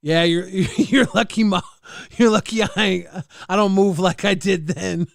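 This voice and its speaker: A man's voice: high voice, steady tone, unhurried, gravelly, no echo. A middle-aged man hosting a casual chat show, laughing through his own stories as he reads out chat comments. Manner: storytelling, laughs through anecdotes. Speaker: show host. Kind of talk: casual chat reacting to old clips.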